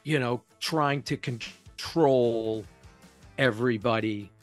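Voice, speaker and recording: An eager man co-hosting a laid-back review chat at a middling pitch. He explains at length, backing up and restarting as his thoughts run ahead. Soft music plays faintly in the background. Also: slow. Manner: enthusiastic, rambling explanations with restarts. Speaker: podcast co-host. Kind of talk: casual chat.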